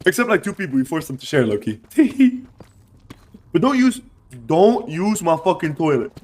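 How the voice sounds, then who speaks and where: A man casually telling a wild story to friends on a livestream, animated and swearing, throwing in "bro" and "right" all the time. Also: on the high side, normal speed.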